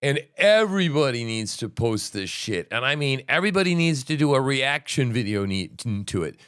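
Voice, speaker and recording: Excitable profane man streaming live commentary. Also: medium pitch, moderate pace, clean tone, no echo, clean studio sound. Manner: excitable, profane, swings between loud outbursts and muttering. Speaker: livestream host.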